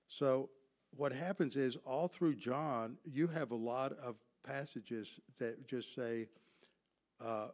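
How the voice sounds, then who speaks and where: Here a Bible teacher, medium-pitched and a little mellow, gives a lesson from slides like a classroom lecture. He explains points of Greek grammar and asks the audience things before answering them himself.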